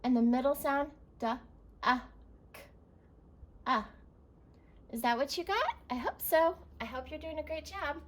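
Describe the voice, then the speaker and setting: A woman's voice: high voice, expressive, a little fast, hardly any pauses, low-quality recording. A woman teacher leading a recorded reading lesson for young children, encouraging and spelling words out letter by letter.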